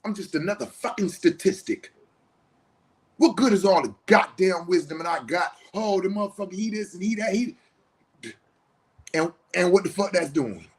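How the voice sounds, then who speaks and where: A middle-aged man in an emotional confessional monologue, blunt and full of swearing, swinging from loud outbursts to low muttering. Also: normal speed, pauses often. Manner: profane, heated and blunt. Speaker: host.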